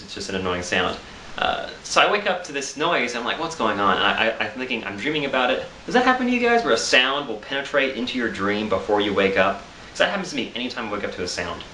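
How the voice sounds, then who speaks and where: A man's voice: fairly low pitch, sharp tone, echoey room, a little hiss or hum. A tired man telling a rambling, self-amused story in a casual vlog, with frequent laughs and restarts. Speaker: vlogger.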